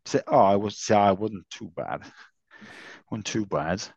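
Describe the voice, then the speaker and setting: A man's voice: fairly low pitch, a little slow, gravelly, darkish tone, dry recording. A man co-hosting a podcast, talking casually and teasing his co-host, with the odd swear word. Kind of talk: casual chat. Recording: slightly dull lo-fi sound.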